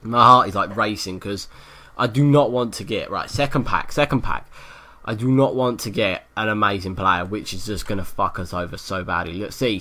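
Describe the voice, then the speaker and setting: A man giving live gameplay commentary, excitable, swearing often and yelling at the game. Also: fairly low pitch. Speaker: gaming YouTuber.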